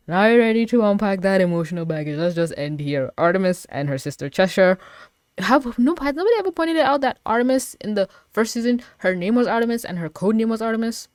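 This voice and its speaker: A woman reviewing an animated show in a casual, rambling way, swinging between loud excited outbursts and low muttering, with dramatic mock-outraged asides. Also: fast, no echo, studio quality. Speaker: video reviewer. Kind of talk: casual reaction commentary.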